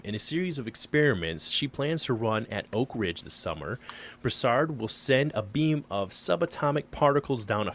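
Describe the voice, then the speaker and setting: A man's voice: mid-range voice, a little hiss or hum. A man co-hosting a casual podcast, reading an article aloud over a remote call, joking and tripping over words. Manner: joking, self-deprecating, stumbles over words. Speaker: podcast co-host.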